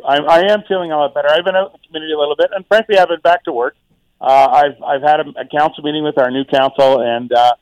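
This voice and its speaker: This rough recording, free of room sound, captures a township mayor in middle age talking casually on the radio in a mid-range voice. He keeps restarting, repeating words and leaning on fillers as he haltingly goes on.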